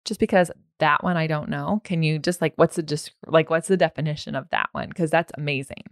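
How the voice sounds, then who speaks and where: A woman with a fairly low voice hosts a podcast in a chatty, casual way. Her speech is full of "like". The recording is dry and close. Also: steady tone, a little fast, no room sound. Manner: chatty, peppered with "like" and laughs.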